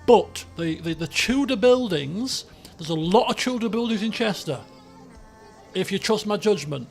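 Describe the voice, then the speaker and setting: Male streamer, high bouncy voice, chatty commentary, faint music underneath. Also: animated, normal speed, gravelly. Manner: chatty, thinks aloud, laughs often. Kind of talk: live-stream game commentary.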